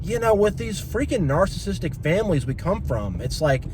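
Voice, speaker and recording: A man's voice: sits high, very animated, normal speed, background noise. A man venting in an emotional vlog rant, agitated and repetitive, with many fillers like "like" and "you know". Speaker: vlogger.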